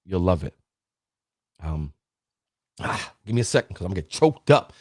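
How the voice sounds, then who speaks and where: Hosting a motivational livestream, this man preaches that you should never quit, greets viewers by name, and at times chokes up. His low, slightly mellow voice swings widely in pitch at a normal speed, captured dry and clean in a studio.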